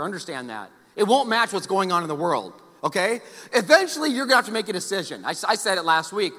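A man preaching a sermon as pastor, emphatic and animated, with joking asides. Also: high voice. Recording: long church hall reverb.

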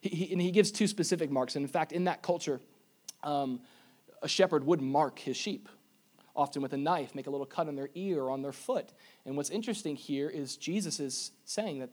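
A man preaching a sermon to a congregation in a church, moving between quiet intimate asides and loud emphatic appeals. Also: a little high, moderate pace. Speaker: pastor. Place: church sanctuary before a congregation.

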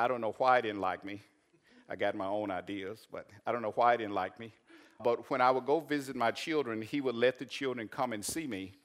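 A man, a pastor preaching and telling a personal story, rising to loud emphatic peaks. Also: mid-range voice. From Arkansas. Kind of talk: sermon.

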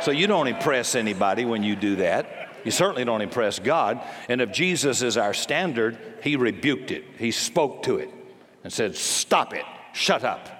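A man preaching a sermon as pastor, forceful and blunt, with jokes and sudden commands. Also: fairly low pitch. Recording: long hall reverb.

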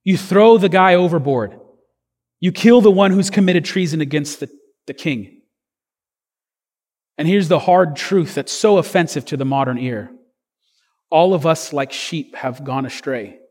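Guy pastor preaching, kinda high voice, chatty and earnest, big echoey church. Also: a little slow, pauses often, darkish tone. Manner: earnest, conversational preaching with fillers and restarts. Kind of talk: sermon.

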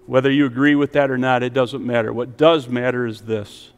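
A male pastor preaching a sermon in a church, rising to emphatic peaks and then dropping to a soft, quiet voice to lead prayer. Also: mid-range voice, a little slow, long reverb tail, soft background music. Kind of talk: sermon with altar call. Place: church sanctuary with online stream.

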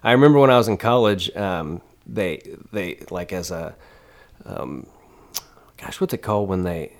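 Man comedian, casual storytelling, rambling with laughs, lowish voice. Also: normal speed. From United States. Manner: rambling, laughing, swears often, many restarts. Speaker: stand-up comedian guest.

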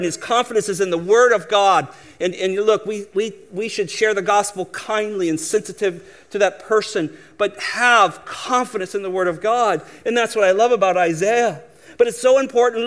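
A man preaching a sermon, emphatic, swinging between loud exhortation and quiet asides, mocking doubters in quoted voices. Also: sits high, normal speed. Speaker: pastor.

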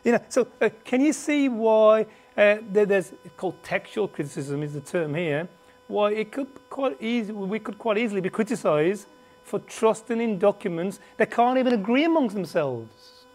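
In a meeting room, a preacher leads a Bible class for a live group, his mid-range voice lively, a little mellow, and at a normal speed. He talks conversationally with restarts and asides, emphatically and often quizzing his listeners, with a slight cough.

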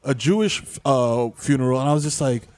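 A man's voice: mid-range voice, fairly quick, darkish tone. A young man co-hosting a podcast, trading slangy banter and laughing a lot. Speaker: podcast co-host. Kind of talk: joking casual chat.

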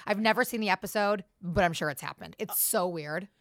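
Animated swearing woman podcast host. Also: mid-range voice, a little fast, dry recording, studio quality. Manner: animated storyteller, swears, teasing. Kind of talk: casual chat.

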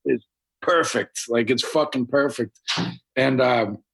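A man's voice: mid-range voice, slow, creaky, a bit bright, husky, low-quality recording. A man with a Boston accent, a guest talking casually and rambling a little on a video call from home. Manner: laid-back, rambling with fillers. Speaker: podcast guest, rapper and actor. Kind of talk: casual interview chat.

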